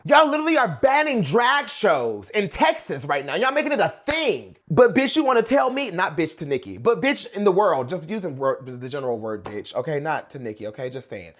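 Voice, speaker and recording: A man's voice: a little high, big pitch swings, brisk. A man from the United States hosting a reaction commentary, blunt and sassy, with lots of slang and asides. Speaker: host and pop-culture commentator.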